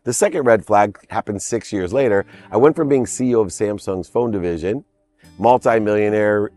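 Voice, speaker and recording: Low-voiced man telling a heartfelt story. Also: darkish tone. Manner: emphatic, heartfelt storyteller who stresses key words. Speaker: interview guest. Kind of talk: personal storytelling in a podcast interview.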